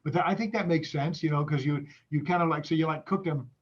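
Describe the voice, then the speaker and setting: A man who is a guest on a video call, chatting casually in a halting way with many restarts and fillers. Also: on the high side, husky, dull audio.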